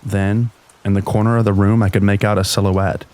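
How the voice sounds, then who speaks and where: A man with a deep voice reading scary stories in a slow, even storytelling manner. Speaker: narrator. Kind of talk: scripted narration of scary stories.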